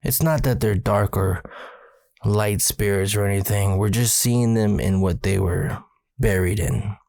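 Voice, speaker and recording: A man retelling the words of a medicine woman in a slow, measured way. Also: fairly low pitch, creaky, darkish tone, no echo. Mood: solemn. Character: calm, knowing female medicine woman.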